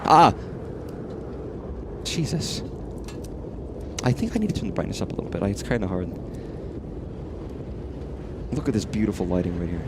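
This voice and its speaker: A man's voice: sits low, expressive, fast, pauses often, very noisy. A man streaming a horror game, rambling and swearing freely as he talks to the things on screen. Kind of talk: casual live-stream commentary.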